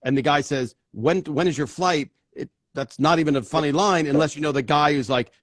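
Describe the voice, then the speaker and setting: A man's voice: on the high side, brisk, no room sound, studio quality. A man hosting a casual interview, chatty and prone to digressions. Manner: chatty, digressive, laughs often. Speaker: host.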